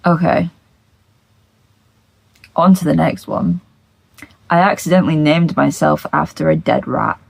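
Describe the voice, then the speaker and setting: Woman reading reddit posts out loud, heavy vocal fry, blunt and sweary, dry close sound. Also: low-pitched, a little slow, long pauses, no echo, low-quality recording. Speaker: reddit story reader. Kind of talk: reading posts aloud with reactions.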